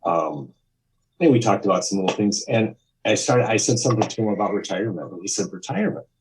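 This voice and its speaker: A man in his fifties with a very low voice tells a story as a podcast guest. He rambles along in a candid, conversational way, restarting sentences and acting out what people said. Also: a little fast, background noise. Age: 50s. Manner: rambling, with frequent restarts and acted-out quotes. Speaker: podcast guest, music photographer.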